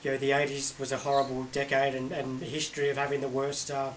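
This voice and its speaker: A man's voice: mid-range voice, monotone, fast talker, slight background noise. A man, co-hosting a casual sports chat, rambling and hesitant. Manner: hesitant, rambling, lots of restarts. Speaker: co-host. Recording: distant from the mic.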